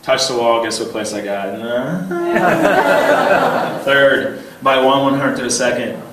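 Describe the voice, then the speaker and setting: A man in his thirties giving a humorous banquet speech, telling personal stories in an animated way, chuckling often and repeating words as he starts a thought. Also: medium pitch, takes it slowly, very noisy. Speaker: banquet keynote speaker. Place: large banquet hall. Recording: very echoey hall, voice heard from a distance.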